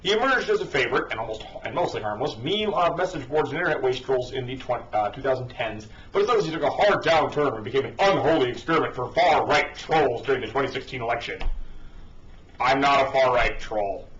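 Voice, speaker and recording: A man's voice: medium pitch, lively intonation, brisk, a bit bright. A man reading an article aloud and breaking off into sarcastic, profane ranting asides. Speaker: online commentator. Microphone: cheap microphone. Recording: dull distant lo-fi home mic.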